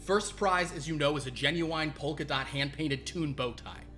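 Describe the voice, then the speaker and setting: A man's voice: moderate pace, faint music behind. A man voicing an arrogant, abusive male cartoon wristwatch boss who barks and brags at his workers. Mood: bullying. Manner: loud, bullying, barking sales-pitch rant.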